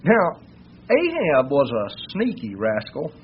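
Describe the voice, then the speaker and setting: A man's voice: medium pitch, huge pitch swings, slow pace, highs cut off, slight background noise. A man preaching a sermon who tells the story in a folksy, conversational way and acts out what the characters say.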